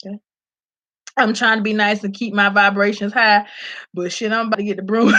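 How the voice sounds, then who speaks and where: A woman telling a story in casual commentary, loud and animated, swearing and laughing. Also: medium pitch, brisk. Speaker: vlogger reviewing a documentary. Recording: slightly dull lo-fi audio.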